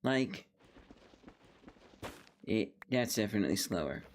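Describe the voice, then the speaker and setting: A man's voice: fairly low pitch, lively intonation, slow pace, slight background noise. A young man giving casual, rambling commentary while playing a game, talking playfully to himself and to the game. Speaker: gaming video creator.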